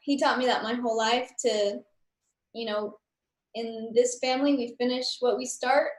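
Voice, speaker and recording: A young woman telling stories as an interview guest, chatty and animated, with many fillers. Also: on the high side, moderate pace, reverberant. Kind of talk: casual interview storytelling.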